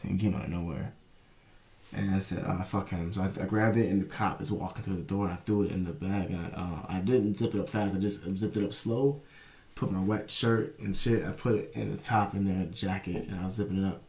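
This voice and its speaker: A man's voice: low-pitched, creaky, dark tone. A young man telling a rambling, profane story in a casual vlog, often asking "you know what I'm saying". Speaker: vlogger.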